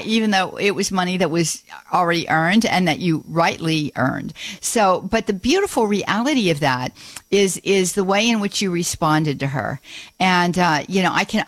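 A woman's voice: lowish voice, a bit bright, dry recording. A woman hosting a Catholic call-in radio show, with folksy, gushing exclamations. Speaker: radio host.

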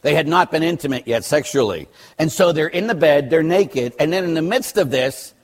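A husky older man preaches as a priest, his voice sitting a little high for a man. He tells blunt stories with dry humor and swings between loud and soft. The talk moves from teaching to anecdote. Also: animated, normal speed. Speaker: Catholic priest. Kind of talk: sermon with personal stories.

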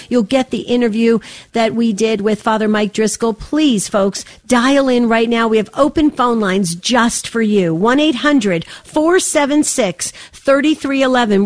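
Woman radio fundraiser host, emotional and pleading, slightly under the weather; bright register, dry close mic. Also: fairly high pitch, no room sound. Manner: earnest, emotional, urging listeners. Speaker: radio pledge drive host. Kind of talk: on-air fundraising appeal and storytelling. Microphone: studio microphone.

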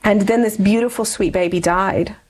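A woman's voice: mid-range voice, normal speed, a little mellow. A middle-aged woman, an interview guest, telling a personal story in an earnest, reflective way. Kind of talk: personal testimony in conversation.

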